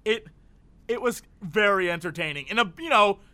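A man's voice: sits high, expressive, normal speed, sharp tone. A man co-hosting a casual comedic show, rambling and joking, often laughing. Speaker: co-host. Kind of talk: casual comedic podcast chat.

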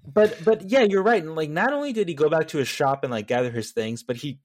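A man's voice: a little high, expressive, quick pace. A man chatting casually about a movie, rambling with many fillers and laughing easily. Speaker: podcast co-host. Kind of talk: casual film discussion.

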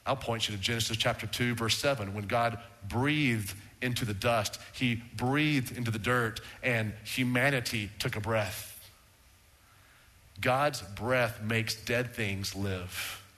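In a sanctuary filled with congregants, a man preaching a sermon alternates between emphatic lines delivered at a higher pitch and quiet, low-toned words. He is the pastor, speaking into a handheld or stand microphone.

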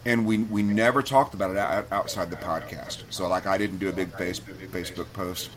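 A man's voice: low-pitched, steady tone, moderate pace, crowd noise. A man on a podcast as a guest, telling a personal story in a candid, heartfelt way that gets him choked up. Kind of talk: casual storytelling.

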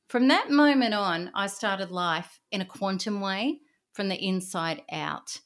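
A middle-aged woman, an interview guest, telling her personal story in an earnest, intense way, often dropping to a hushed voice. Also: medium pitch, unhurried.

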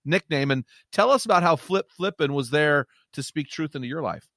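A man hosting an interview, relaxed and reflective, asking about a guest's story. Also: a little high, fairly quick, no echo, clean studio sound. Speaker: host. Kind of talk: casual interview.

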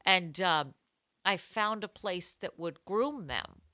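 Bright-voiced chatty woman podcaster. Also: lowish voice, no echo, clean studio sound. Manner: chatty and animated, quick to laugh. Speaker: podcast co-host. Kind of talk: casual chat.

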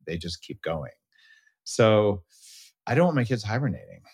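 A man's voice: moderate pace, breathy edge, no echo. A middle-aged man hosting a casual interview, telling stories animatedly and quoting his children in a raised voice. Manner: animated storyteller, quotes his kids in a high voice. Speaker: podcast host.

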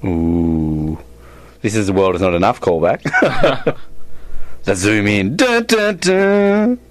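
A man co-hosting a casual movie commentary, joking and quick to laugh. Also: sits low, animated. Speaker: podcast co-host.

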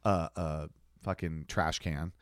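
Speaking slowly in a bass voice, this male podcast co-host spins a story in relaxed conversation and performs the dialogue with animation. The recording is dry and studio-clean.

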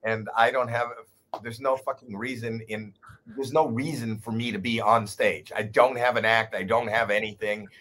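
A man in his sixties, a guest comedian telling a story in casual chat, animated, swearing and poking fun at himself. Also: medium pitch, moderate pace, slight background noise. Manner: animated, profane, self-deprecating.

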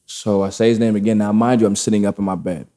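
A man telling a story in casual chat, animated and profane, with loose street slang. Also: lowish voice, quick pace.

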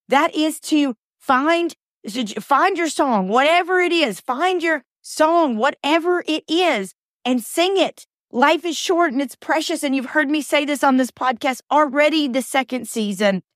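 A woman hosting a podcast, giving an earnest, animated motivational talk full of repeated phrases. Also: fairly high pitch, dry recording, studio quality. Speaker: podcast host and coach.

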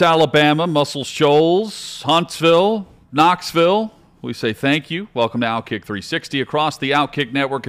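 Give me a male sports radio host with a medium-pitched voice and a brisk, promo-reading manner. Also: a bit bright.

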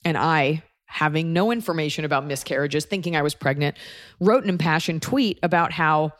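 A woman's voice: deep voice, normal speed, no room sound, studio quality. A woman telling a personal story in a candid, wry, conversational way.

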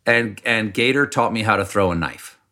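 Bright-voiced middle-aged man from South Carolina. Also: normal speed. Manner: animated storyteller, mimics people in higher voice. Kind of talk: casual chat.

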